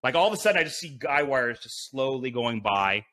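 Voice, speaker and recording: A man guest on a podcast, telling an animated story full of swearing and fillers, acting out his own inner voice. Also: medium pitch, a little fast. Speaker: podcast guest, BASE jumper.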